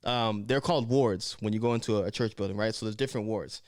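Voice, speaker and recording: Fast-talking young man telling a story. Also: on the low side, no echo, clean studio sound. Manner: slangy, animated, conversational. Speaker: vlogger. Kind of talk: casual storytelling.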